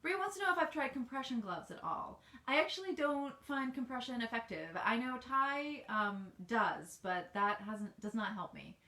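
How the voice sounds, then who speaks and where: Speaking from a reverberant home office, this American woman author chats loosely with readers in a livestream Q&A, restarting often and saying um a lot. Her voice sits on the high side, pushed and bright, with lively intonation at a normal speed and hardly any pauses.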